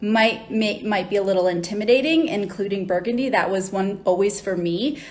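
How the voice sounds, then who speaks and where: A woman's voice: medium pitch, normal speed. A woman hosting a live wine tasting on a phone stream. She chats casually and cheerfully, greeting viewers as they join. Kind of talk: casual livestream chat. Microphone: phone livestream mic.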